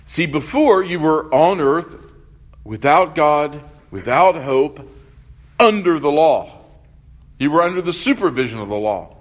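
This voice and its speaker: A man's voice: on the high side, lively intonation. A male pastor preaching a sermon, asking his congregation questions as he goes. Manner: unhurried, asks the congregation questions.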